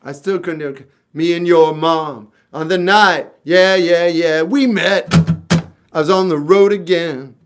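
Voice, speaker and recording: A man's voice: a little high, fairly even intonation, unhurried, hardly any pauses, smooth. A man in his fifties, a singer-songwriter chatting casually on a livestream, answering comments in a blunt, wry, offhand way. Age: 50s. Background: guitar playing.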